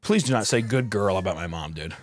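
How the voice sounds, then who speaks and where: A man's voice: on the low side, animated, a little fast. A man hosting a podcast, riffing casually with crude, profane jokes and frequent laughter. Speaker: podcast host. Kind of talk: casual comedic chat.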